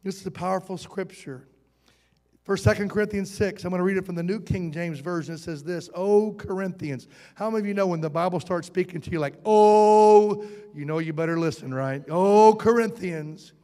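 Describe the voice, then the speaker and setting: A man's voice: sits high, fairly even intonation, fast, darkish tone. A man preaching a sermon, folksy and playful, often asking the congregation questions. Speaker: pastor. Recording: hall reverb.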